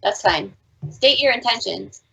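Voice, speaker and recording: A woman's voice: mid-range voice, measured pace, vocal fry, breathy edge, rough recording. A woman playing a tabletop game on a live stream, bantering and laughing. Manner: laughing, animated in-character banter. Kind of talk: casual play on a live stream.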